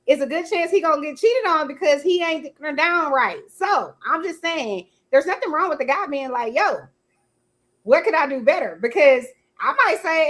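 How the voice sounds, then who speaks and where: A woman's voice: high-pitched, expressive, moderate pace, a bit bright. A woman hosting a casual live-streamed talk show, arguing her point and greeting viewers by name. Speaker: host. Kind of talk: casual podcast debate.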